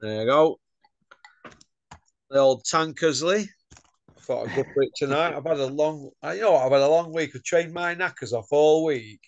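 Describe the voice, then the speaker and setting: A man's voice: fairly high pitch, moderate pace, pauses often, no echo, highs cut off. A man hosting a casual chat, blunt and chatty, tagging his points with questions. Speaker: channel host.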